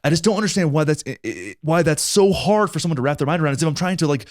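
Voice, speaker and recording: Fast-talking, fired-up male podcast host. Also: on the high side, lively intonation, dry recording, clean studio sound. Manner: heated, blunt, swears freely. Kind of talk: casual conversational podcast.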